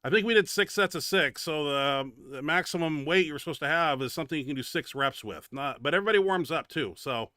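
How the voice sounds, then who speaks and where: Man, show host, casual gym commentary, blunt, profane, fairly high voice, crisp, dry close sound. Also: expressive, quick pace, hardly any pauses, pushed and bright, no room sound. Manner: blunt and profane, grumbling about his own setback. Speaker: host of a bench press training show. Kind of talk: casual commentary over gym training footage.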